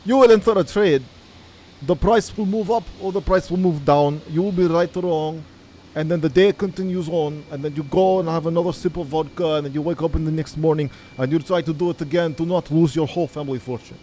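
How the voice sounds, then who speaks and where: A man's voice: on the high side, brisk, warm tone, a little hiss or hum, natural voice. A man voicing a melodramatic male trader, speaking theatrically to the listener. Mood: dramatic. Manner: theatrical, heavy accented delivery addressing the listener as friend. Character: melodramatic male trader with a put-on Russian accent.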